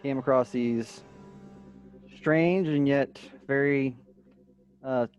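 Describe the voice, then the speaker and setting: A man playing a tabletop game over a video call, introducing his character slowly with long pauses. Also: medium pitch, a little mellow, highs cut off, faint music behind. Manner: slow, pausing. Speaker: player.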